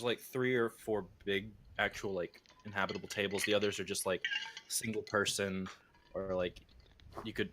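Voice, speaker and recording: A man's voice: on the low side, fairly bright tone, slight background noise. A man narrating a tabletop game as game master, describing scenes in a rambling way. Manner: rambling, many fillers and restarts.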